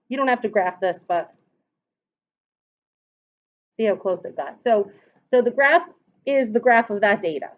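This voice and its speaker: A medium-pitched female math teacher speaks unhurriedly, pausing often, in a dull lo-fi classroom recording. She explains the calculator steps patiently, one by one, and asks her students questions.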